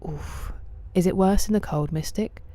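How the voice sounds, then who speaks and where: Late at night, a woman livestreams a game and casually responds to viewers' chat messages by name, often slipping into a soft half-whisper. Her voice is mid-range and her pace moderate.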